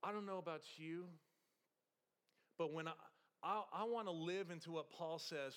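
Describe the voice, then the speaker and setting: A male pastor preaching a sermon, moving from soft conversational storytelling with humor to raised, passionate exhortation. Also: a little high, moderate pace, clear, resonant tone.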